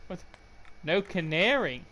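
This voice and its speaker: Slow-talking bright-voiced gamer guy. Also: sits high, big pitch swings, a little hiss or hum. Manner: joking, sarcastic asides; reads in-game notes aloud. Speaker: gaming channel host. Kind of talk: let's play commentary.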